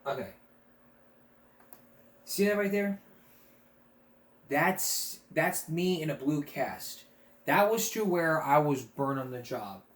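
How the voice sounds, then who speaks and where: A man's voice: a little high, expressive, takes it slowly, long pauses. A man hosting a casual comic vlog, rambling crudely and laughing at his own jokes. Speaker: vlog host. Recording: echoey room.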